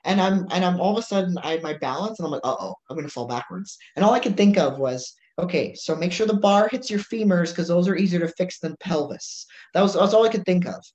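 A woman, a strongwoman competitor, chatting casually and telling animated stories, acting out what people said to her. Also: lowish voice, quick pace, hardly any pauses. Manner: animated storyteller acting out dialogue. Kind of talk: casual chat. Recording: roomy, dull lo-fi sound.

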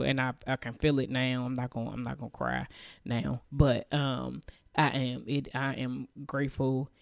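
Earnest woman with a gravelly, dry voice. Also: a bass voice, mellow, no echo. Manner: earnest, emotional and encouraging, repeats herself. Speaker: podcast host. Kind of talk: motivational faith podcast monologue.

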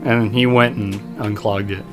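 A young man co-hosting a podcast, telling a long story in a rambling, profane, animated way. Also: on the low side, normal speed, faint music behind. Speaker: podcast co-host.

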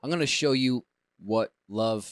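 A man co-hosting a podcast, telling a story in a dramatic, animated way with casual swearing, close to the mic. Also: medium pitch, unhurried, no room sound. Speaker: podcast co-host.

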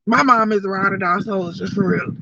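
A woman's voice: mid-range voice, fairly quick, gravelly, pushed and bright, far from the mic, highs cut off. A woman in her forties giving a candid, emotional personal talk to her listeners, speaking from the heart about anger, faith and gratitude. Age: 40s. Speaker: broadcaster.

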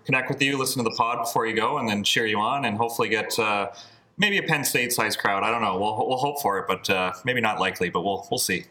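A man's voice: fairly low pitch, quick pace, bright, forceful tone, poor audio. A man from Canada hosting a sports podcast in a chatty, casual way, wrapping up an interview. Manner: chatty, many fillers and restarts. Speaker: podcast host.

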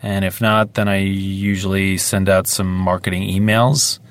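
A man's voice: low-pitched, flat delivery, measured pace. A man, a young adult voice actor, answering interview questions in easygoing, rambling casual chat and laughing often. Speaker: voice actor guest. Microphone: studio microphone.

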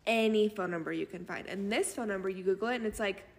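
A woman's voice: medium pitch, fast talker. A young woman co-hosting a podcast in casual chat, emphatic and repeating words for effect. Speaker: podcast co-host. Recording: long reverb in the room.

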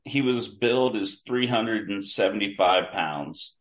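A man's voice: lowish voice, unhurried. A man, a guest on a podcast, telling detailed stories in a casual way, often restarting his sentences. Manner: vivid, detailed anecdotes with many restarts. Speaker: podcast guest, longtime wrestling fan. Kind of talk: casual storytelling.

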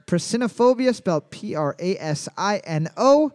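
A man with a high voice hosts a trivia night, reading each question twice. He slips in crude jokes and teasing asides between rounds. His delivery is loose and playful. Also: animated, moderate pace, few pauses, a little mellow, clear, resonant tone. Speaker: trivia host. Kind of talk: bar trivia hosting with banter.

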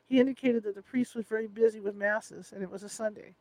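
A man with a fairly high voice narrates a first-person audiobook, adding wry, self-deprecating asides. He reads close to the mic in a dry, dead room. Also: fairly even intonation, quick pace, darkish tone, no room sound, rough recording.

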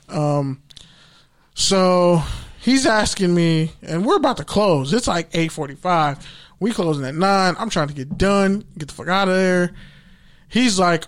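Profane, animated man telling a story. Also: sits high, a little slow. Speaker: podcast host. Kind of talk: casual storytelling.

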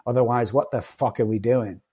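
A cocky, loud-mouthed man who swears freely and doesn't soften anything. His voice is husky, and the recording is a little dull and lo-fi. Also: medium pitch, steady tone, brisk. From not from England. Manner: profane, cocky and confrontational. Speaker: addiction treatment company owner. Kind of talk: blunt podcast conversation.

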